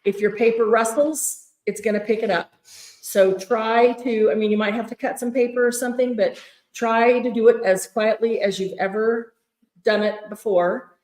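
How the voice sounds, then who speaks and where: A woman hosting a live craft fundraiser sale, chatting excitedly and greeting viewers by name, recorded in a large room on a mic draped with fabric. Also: on the high side, normal speed. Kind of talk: live-stream chat. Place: large echoey event room at a craft retreat. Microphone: fixed room mic draped with fabric. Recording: echoey room, muffled tunnel sound.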